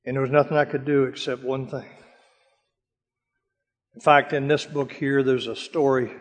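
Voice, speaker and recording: An older man giving a dramatic sermon-style testimony, telling stories from his past with a hushed voice during the prayers. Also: medium pitch, level tone, moderate pace. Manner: dramatic storytelling, drops to a hush for prayers. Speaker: speaker telling war stories. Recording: long hall reverb.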